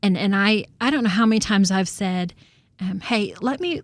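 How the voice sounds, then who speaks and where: A woman's voice: mid-range voice, normal speed, no room sound. A woman co-hosting a podcast, chatty, laughing often and repeating words as she starts a thought. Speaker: co-host and real estate agent. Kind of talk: casual podcast chat.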